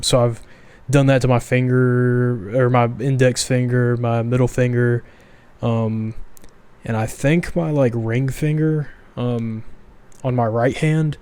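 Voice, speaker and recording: A young man talks casually as a podcast co-host, hesitant and halting, and fills his pauses with ums. His voice sits at an ordinary middle pitch for a man. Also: darkish tone. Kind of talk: casual chat.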